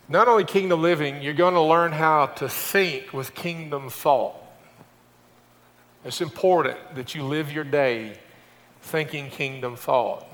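Older male pastor preaching in a reverberant hall. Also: a bit bright. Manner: conversational preaching, repeats words when starting, rises in pitch for emphasis. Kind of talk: sermon.

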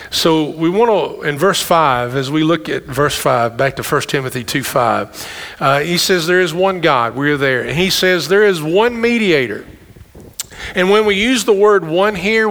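Middle-aged guy preaching a sermon, kinda high voice, chatty asides to the crowd, long echoey church reverb. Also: a bit bright. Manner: conversational preaching, quick asides to the congregation. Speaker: pastor. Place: church sanctuary.

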